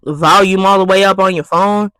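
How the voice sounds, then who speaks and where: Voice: medium pitch, steady tone, moderate pace, bright, forceful tone, dry recording, low-quality recording. A vlogger ranting casually to camera, exasperated and profane, repeating phrases for emphasis.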